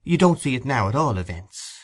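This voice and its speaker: Man reading as a motherly old housekeeper, voice lifted higher, soft and gentle. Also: sing-song, brisk, husky. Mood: soothing. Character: kindly fussing old housekeeper woman.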